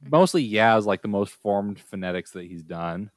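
A man's voice: lowish voice, lively intonation, moderate pace, no room sound. A father in casual chat, easygoing and teasing.

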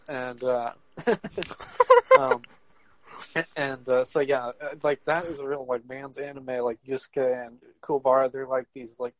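A medium-pitched man on a dry recording with poor audio. He's a podcast co-host in casual chat, rambling with lots of fillers and laughing often.

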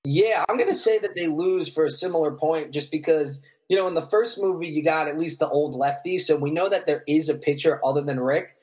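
A man with a somewhat high voice leads a casual sports podcast. He asks questions in an easygoing way and adds his own picks. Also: fairly quick, hardly any pauses, a little mellow. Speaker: podcast host asking questions.

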